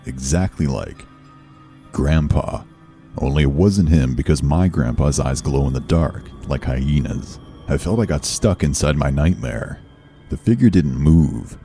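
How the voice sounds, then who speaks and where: A man giving a slow, measured scripted horror narration. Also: a bass voice, vocal fry, mellow. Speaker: story narrator.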